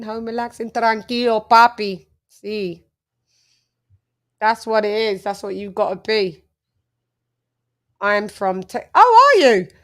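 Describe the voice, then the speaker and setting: Chatty British woman hosting a livestream. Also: medium pitch. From United Kingdom. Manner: chatty, laughing, shouting out viewers. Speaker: boxing livestream host. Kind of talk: casual livestream chat reading viewer comments.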